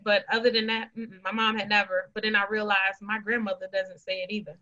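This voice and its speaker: A woman's voice: mid-range voice, little pitch movement, a little fast, crowd noise. A woman guest on a podcast telling a personal family story earnestly and with emotion. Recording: dull lo-fi audio.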